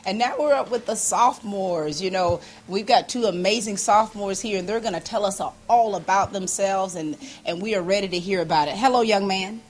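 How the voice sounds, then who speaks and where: A woman's voice: mid-range voice, brisk, hardly any pauses, a little hiss or hum. A woman hosting a local TV interview with students, effusive and teasing, laughing often.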